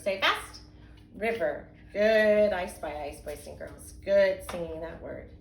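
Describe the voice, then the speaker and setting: Sing-song teacher in an echoey room. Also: female voice, sits low, vocal fry. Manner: patient, sing-song teacher talk with slow sounded-out words. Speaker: kindergarten and first grade teacher. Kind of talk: recorded phonics reading lesson for young children. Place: home, indoors. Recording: echoey room with faint background hum.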